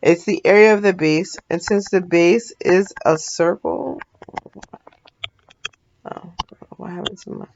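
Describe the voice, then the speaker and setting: A woman's voice: lowish voice, slow, vocal fry, pauses often, a little mellow, dull audio, slight background noise. A woman math teacher talking through a recorded lesson in a sleepy, yawning, casual way, often stopping to apologize and correct herself.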